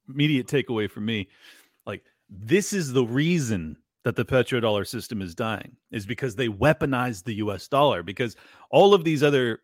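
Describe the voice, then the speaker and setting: A man's voice: on the low side, no echo, clean studio sound. A man hosting a podcast in casual political chat, sarcastic and rambling, swearing now and then. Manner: sarcastic, rambling, swears, acts out quoted voices. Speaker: podcast host.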